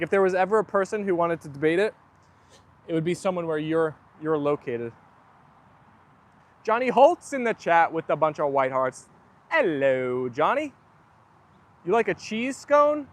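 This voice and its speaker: A young man hosting a casual livestream, chatting loosely and reading viewer comments aloud. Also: high voice. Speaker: livestream host.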